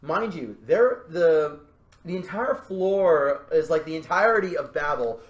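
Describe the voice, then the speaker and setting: Animated, laughing man in an echoey room. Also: fairly high pitch, unhurried. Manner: animated, laughing, storytelling with put-on voices. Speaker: podcast host. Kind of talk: casual podcast chat.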